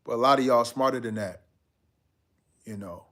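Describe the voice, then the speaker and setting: A man's voice: medium pitch, moderate pace, fairly bright tone. Laid-back man on a live stream. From United States. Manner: laid-back, slangy, talks straight to viewers. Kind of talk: casual live-stream chat, reading viewer comments.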